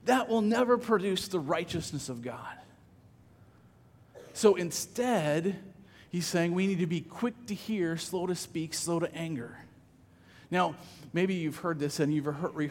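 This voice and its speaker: High-voiced pastor in a reverberant hall. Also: male voice, unhurried. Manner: conversational, repeats words when starting phrases. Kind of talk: sermon.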